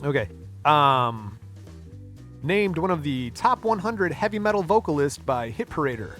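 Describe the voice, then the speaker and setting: A middle-aged man from Michigan hosting a casual podcast, animated and jokey, with loud announcer-style bursts. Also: a little high, measured pace, faint music behind. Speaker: podcast host.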